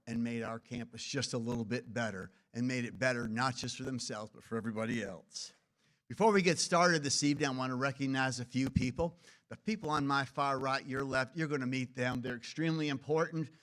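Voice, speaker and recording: Brief: Brooklyn-accented dean, folksy and emphatic, opening an awards ceremony in a college event hall. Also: male voice, mid-range voice, a bit bright. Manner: folksy, emphatic, with rhythmic rhetorical lists. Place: college event hall before a live audience.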